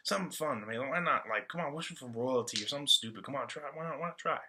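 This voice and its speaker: A man voicing an eager young son who coaxes and wheedles, his voice lifted above the performer's own. The tone is bright and insistent in a casual retelling. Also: mid-range voice, quick pace, slight background noise, voice pushed up. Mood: coaxing. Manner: coaxing, wheedling.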